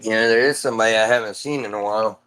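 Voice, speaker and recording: A man's voice: on the low side, rapid-fire, fairly bright tone, smooth. A man streaming live from home, chatting casually in a loose, rambling way, swearing offhand and calling everyone "dude".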